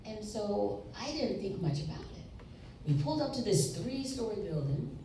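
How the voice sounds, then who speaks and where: A woman's voice: mid-range voice, moderate pace, distant mic. A woman storyteller telling a humorous family story at a live story slam, with audience laughter. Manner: animated, humorous, acts out voices. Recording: echoey live stage from afar. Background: audience laughter and room noise.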